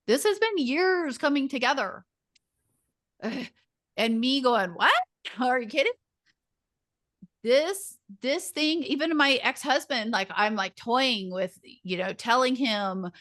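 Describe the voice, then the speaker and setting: A woman leading a community group on a video call talks casually and animatedly in a slightly high, sharp-toned voice. She often mimics other people's voices.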